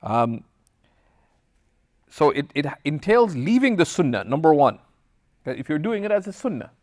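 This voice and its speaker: A man with a slightly high voice teaches at a moderate pace in this recorded religious class lecture. As an Islamic teacher, he reads from Arabic, gives explanations in English and shares stories from his own life. He stays lively while switching between the two, and he acts out bits of dialogue in the anecdotes he tells.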